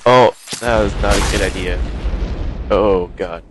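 A man giving live, excitable commentary while playing a game, exclaiming and gasping often, recorded on a headset. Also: fairly low pitch, measured pace, slight background noise. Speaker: gaming video host.

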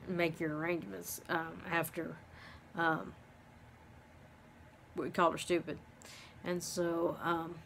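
Halting, low-voiced woman telling a story. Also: fairly bright tone, slight background noise. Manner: halting, many ums and restarts. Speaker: vlogger living with dementia. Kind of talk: personal storytelling.

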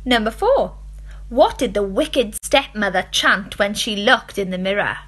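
A woman teacher reading out fairy tale quiz questions and answers, slow, clear and expressive. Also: medium pitch.

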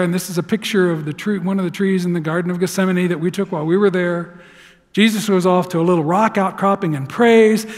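A man preaching a sermon as pastor, telling the story dramatically and swinging from loud to hushed. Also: high voice. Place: church sanctuary. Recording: long hall reverb.

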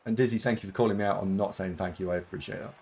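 A man's voice: low voice, fairly even intonation, very fast, darkish tone, slight background noise. A man streaming a game live, chatting casually with viewers and thanking them, with lots of fillers. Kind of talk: casual live-stream chat while playing.

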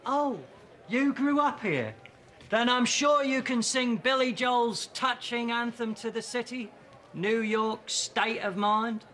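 A man playing a brash, cocky hothead who shouts and picks fights. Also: extremely high pitch, slow pace, exaggerated voice. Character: brash high-voiced man, jealous boyfriend and pub tough. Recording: noisy recording.

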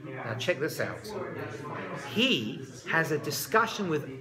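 A man giving a lively lecture that retells a biblical story, talking conversationally and dropping joking asides. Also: a little high, slow, a crowd in the background. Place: live talk before an audience. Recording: live talk with audible audience.

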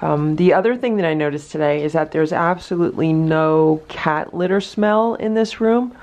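A woman filming a casual vlog about her cats, chatting about their routines and coaxing them with a high voice. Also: moderate pace, darkish tone. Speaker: cat vlogger. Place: indoor room with cats.

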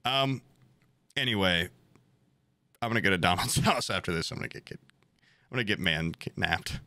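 A man's voice: deep voice, expressive, normal speed, bright, forceful tone, dry recording. A man co-hosting a podcast in casual chat, rambling and cursing as he jokes and recommends films. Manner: rambling, profane, jokey. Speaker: podcast co-host.

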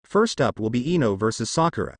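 A man voicing a friendly adult ninja teacher who calls out names and results briskly. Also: mid-range voice, big pitch swings, no room sound, studio quality. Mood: announcing.

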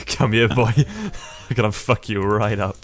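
A man's voice: fairly low pitch, very animated, measured pace. A young man playing online games with a friend, swearing and grumbling in casual chat. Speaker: gaming YouTuber. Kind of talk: profane casual gameplay chat.

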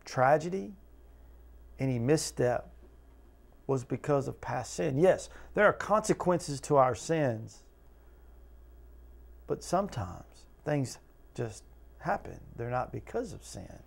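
Gravelly pastor. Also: male voice, mid-range voice, very animated, slow pace, pauses often. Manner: earnest, talks to listeners with repeated questions, acts out quotes. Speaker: pastor teaching Bible study. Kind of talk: conversational Bible study teaching.

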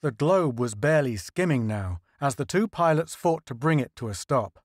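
Measured male audiobook narrator. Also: medium pitch, expressive, dry recording, studio quality. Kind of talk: scripted narration.

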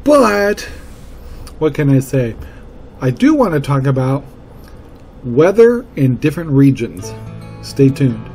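A man's voice: medium pitch, sing-song, slow, pauses often, mellow, faint music behind. A middle-aged man from Washington State hosting a casual solo podcast from a motel room, rambling and repeating words for emphasis on a cheap microphone. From Washington State, USA. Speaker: podcast host. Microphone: cheap mic that picks up room noise. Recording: faint room noise on a cheap mic.

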